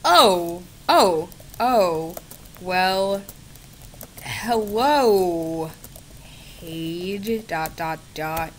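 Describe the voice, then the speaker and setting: This young woman's voice is fairly low, animated and full of drawn-out words, with a faint hiss or hum in the audio. She makes gaming videos, and here she sits at her laptop at home bantering with a chatbot on camera, giggling, sarcastic, feigning exasperation and cursing a lot.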